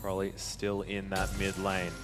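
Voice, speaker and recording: Excitable male esports color caster. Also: low-pitched, over music. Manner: excitable, quick reactions to plays. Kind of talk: color commentary.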